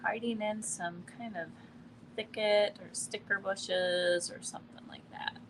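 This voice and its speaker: Woman painting live and talking thru it, slow and low, bit of a faint hiss behind her. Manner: relaxed, thinking aloud while painting, often trails off. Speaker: art instructor. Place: quiet indoor studio in a building.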